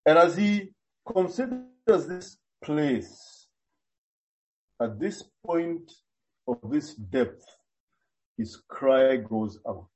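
Slow, high-voiced preacher. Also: male voice, darkish tone, highs cut off. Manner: earnest, deliberate expounding with frequent hesitations. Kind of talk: sermon.

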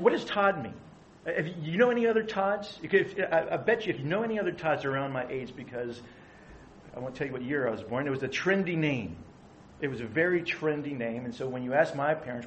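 A man's voice: medium pitch, a little hiss or hum, rough recording. A middle-aged man preaching a conversational sermon, asking his listeners questions. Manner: conversational, asks the audience questions. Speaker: pastor.

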